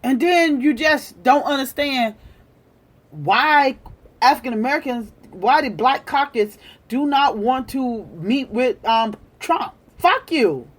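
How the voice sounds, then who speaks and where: A woman's voice: sits high, takes it slowly. A woman delivering a heated, profane political rant, repeating her points with emphasis. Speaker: political commentator.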